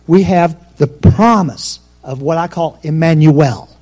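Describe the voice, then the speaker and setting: Dynamic preaching man, swinging loud and soft. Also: unhurried. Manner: dynamic preaching, swinging between loud emphatic peaks and soft low asides. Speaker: pastor. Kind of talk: sermon.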